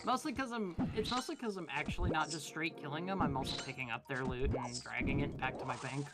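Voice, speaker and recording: A guest on a gaming stream with a relaxed Pacific American accent, rambling casually and often restarting sentences. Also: medium pitch, fast, over loud music. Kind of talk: casual chat while gaming.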